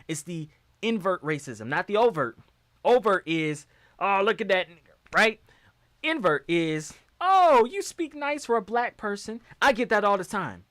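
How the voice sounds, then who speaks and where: A man hosting a live-stream show, talking in an animated, emphatic way with many restarts and fillers. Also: fairly high pitch, no echo. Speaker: show host. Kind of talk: casual live-stream commentary.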